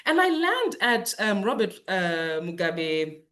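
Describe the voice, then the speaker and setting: A middle-aged woman, a lawyer and politician, giving candid personal testimony in a webinar talk, animated and emotional, with many fillers. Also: medium pitch, slow pace.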